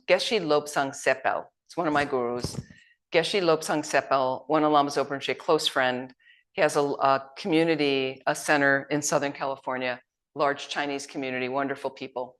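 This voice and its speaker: Low-voiced woman giving a dharma talk. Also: a bit bright. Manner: anecdotal, conversational, acts out quotes. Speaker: Buddhist teacher.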